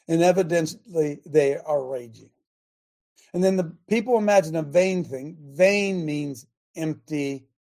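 Emphatic preaching radio host, middle-aged man. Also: fairly high pitch. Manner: emphatic, rising to near shouts when quoting scripture; chatty, speaks directly to listeners and producer. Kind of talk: sermon-style Bible teaching.

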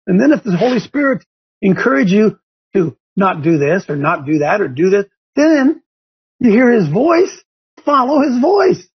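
A man hosting a Christian talk show, preaching with passion that rises to near shouts. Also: very high-pitched, husky. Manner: impassioned, rising to near shouts. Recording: dull lo-fi broadcast audio.

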